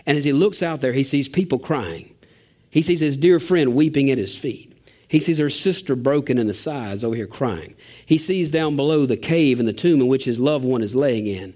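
A man preaching a sermon as a pastor, asking rhetorical questions and building emphasis. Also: medium pitch. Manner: father.

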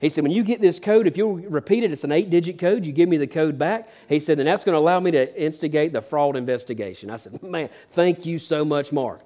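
A preacher man with a high-pitched voice delivers his sermon dramatically. He acts out the quotes and drops from loud declarations to hushed asides. Between points he slips into folksy storytelling. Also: expressive, fast, hardly any pauses.

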